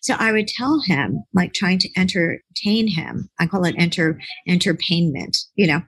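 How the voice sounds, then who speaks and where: Husky, low-pitched woman telling a rambling story. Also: moderate pace, dry recording, rough recording. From United States. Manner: rambling, animated, acts out quoted voices. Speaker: author and relationship expert, podcast guest. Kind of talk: casual interview storytelling.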